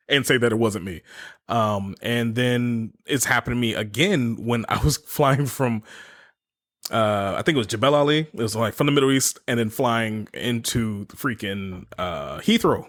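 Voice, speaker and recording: A man in his thirties, sitting at the mic as a podcast host and spinning stories in a casual, rambling way. He swears freely and breaks into laughter between his phrases. His voice sits at a middle pitch for a man. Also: expressive, unhurried, a bit bright. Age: 30s. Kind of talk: casual storytelling chat.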